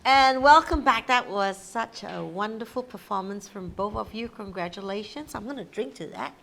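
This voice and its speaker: A woman's voice: medium pitch, expressive, normal speed, vocal fry, a bit bright, slight background noise. A woman hosting a live show in casual chat, playful and joking. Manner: playful, jokey, upbeat. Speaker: host.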